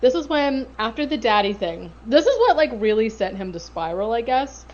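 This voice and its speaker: A woman co-hosting a podcast, recapping a show in casual chat with profane, sarcastic, animated retelling. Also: a little high, normal speed, muffled recording. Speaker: podcast co-host.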